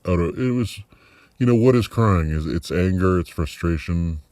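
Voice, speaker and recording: Very deep-voiced man musing in a dry room. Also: darkish tone, dry recording. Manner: reflective, halting with many fillers and restarts. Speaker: video diary host. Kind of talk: personal vlog monologue.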